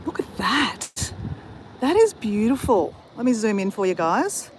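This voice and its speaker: Live-streaming from her phone on a windy coastal walk, an Australian woman chats eagerly and constantly addresses her viewers. Her medium-pitched voice is very animated yet unhurried, and wind buffets the phone mic throughout.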